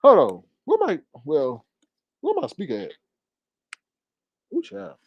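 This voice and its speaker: A man doing casual commentary into a phone at home, sassy and animated, his voice climbing higher when he gets riled. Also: slow pace, vocal fry, slightly rough, no echo, muffled recording. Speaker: commentary vlogger.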